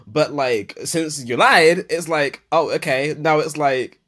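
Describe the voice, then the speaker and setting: A man's voice: a little high, takes it slowly, fairly bright tone. A young man, hosting a podcast in an unscripted voicenote monologue, swearing freely and rambling through a rant full of fillers. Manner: profane, meandering rant with many fillers. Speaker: podcast host.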